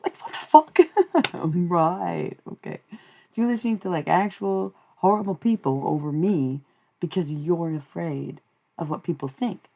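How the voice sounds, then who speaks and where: Streamer, woman, casual profane monologue; husky voice with vocal fry. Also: on the low side, a little slow, mellow. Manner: swears freely, chatty and rambling. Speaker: livestreamer channeling spirits.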